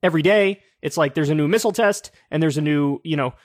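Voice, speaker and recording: Male host, 30s, higher-pitched, sarcastic and casual, close dry mic. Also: fast talker, no room sound. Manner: casual, profane, sarcastic, lots of fillers. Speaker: political commentary show host. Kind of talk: casual solo political commentary.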